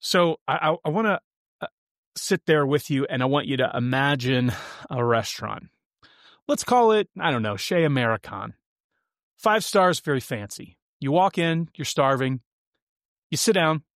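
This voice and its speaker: A man's voice: a little high, lively intonation, moderate pace, pauses often, fairly bright tone, dry recording, studio quality. A man hosting a podcast alone, delivering sarcastic, punchy and theatrical comedic commentary. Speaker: podcast host.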